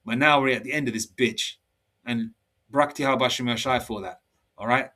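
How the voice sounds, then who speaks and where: Casting note: man in his fifties, heated street-preacher monologue, mid-pitched, laptop mic set back. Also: moderate pace, recorded from a distance. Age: 50s. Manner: forceful, repetitive, ends phrases with "all right?". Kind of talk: heated sermon-style monologue.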